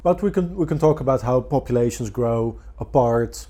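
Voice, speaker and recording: A man, a scientist guest in a casual chat, explaining calmly with dry humor. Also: mid-range voice, moderate pace. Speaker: guest, evolutionary biologist.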